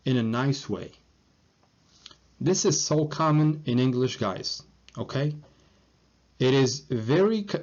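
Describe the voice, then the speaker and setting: A man with a Moroccan accent teaching English phrases, reading model sentences slowly and checking in with "okay?". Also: medium pitch, darkish tone, muffled recording. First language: Moroccan Arabic. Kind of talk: language lesson, switching between English and Moroccan Arabic.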